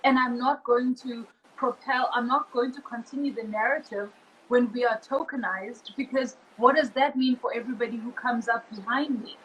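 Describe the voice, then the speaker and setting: Woman podcast host, high-pitched, earnest and encouraging, faint hum behind her. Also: steady tone, moderate pace, fairly bright tone, dull audio. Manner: earnest and encouraging, builds on the guest's points. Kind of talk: reflective interview conversation.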